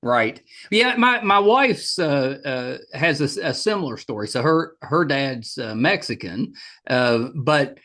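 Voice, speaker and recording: A man's voice: mid-range voice, expressive, a little slow, sharp tone. A middle-aged man with a West Virginia accent hosting a podcast interview, enthusiastic, with frequent restarts. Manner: enthusiastic, repeats and restarts often. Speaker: podcast host. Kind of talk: casual interview chat.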